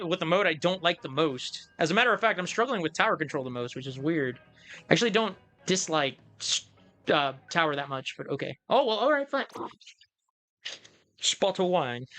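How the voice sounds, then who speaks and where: A man chatting through a live game stream, thinking aloud and amusing himself as he goes. His voice is bright and forward, set fairly high for a man. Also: animated, brisk, soft background music. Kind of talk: casual live-stream commentary.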